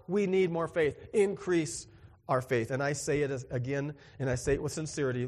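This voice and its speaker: Animated joking preacher, man. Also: normal speed, big-room sound. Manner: animated and joking, acts out dialogue with big pitch swings. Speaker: pastor. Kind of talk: sermon.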